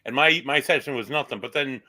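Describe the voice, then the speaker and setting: A man's voice: medium pitch, fast talker, pushed and bright. A man who investigates the paranormal, earnestly telling a case story on a talk show. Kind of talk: casual chat.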